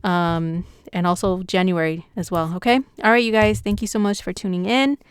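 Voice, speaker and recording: Chatty woman astrologer, crisp dry voice. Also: on the low side, moderate pace, no echo. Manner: chatty, excitable, slangy. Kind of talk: casual horoscope vlog.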